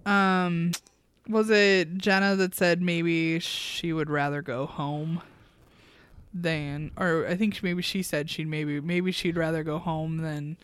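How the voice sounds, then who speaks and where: Slow-talking sardonic woman podcaster. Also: lowish voice, steady tone, clear, resonant tone, dry recording. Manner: chatty and sardonic, frequent laughs and ums. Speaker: podcast co-host. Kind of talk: casual reality-show recap chat.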